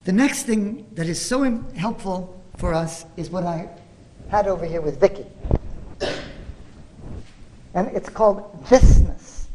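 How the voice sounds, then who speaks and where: A scholar giving a lively lecture, quizzing the audience with jokey asides. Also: medium pitch, poor audio.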